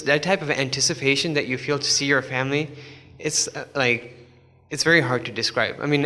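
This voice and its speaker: A man's voice: mid-range voice, bright, forceful tone. A man telling a story in a sermon, in a conversational way with many asides. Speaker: preacher. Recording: long hall reverb.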